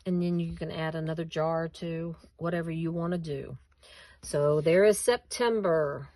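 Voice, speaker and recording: A woman's voice: deep voice, steady tone, moderate pace, darkish tone, no room sound. A woman hosting a casual craft tutorial at home, chatting with viewers and laughing at herself as she cuts and glues.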